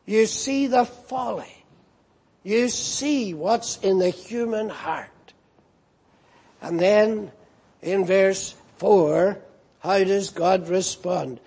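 A man preaching a sermon as a minister, moving between emphatic rises and quiet, drawn-out questions. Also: high-pitched, vocal fry, husky.

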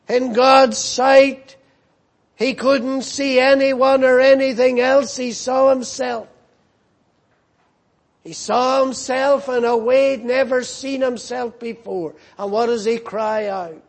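Slow, high-voiced male preacher. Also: steady tone. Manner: slow, emphatic preaching with repeated phrases. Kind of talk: sermon.

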